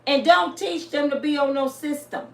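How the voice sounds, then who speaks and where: A woman in her fifties talking casually and bluntly to her viewers, telling stories with salty, animated energy. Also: high-pitched, normal speed. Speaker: vlogger. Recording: roomy, a bit distant, faint hiss.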